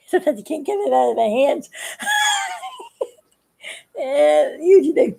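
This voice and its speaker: An older woman with a high, gravelly voice that swoops widely up and down. She chats in a folksy, rambling way and breaks into giggles often, like a casual crafting vlog. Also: expressive, a little slow, mellow, shouting. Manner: giggly, laughs often between lines. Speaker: craft video maker.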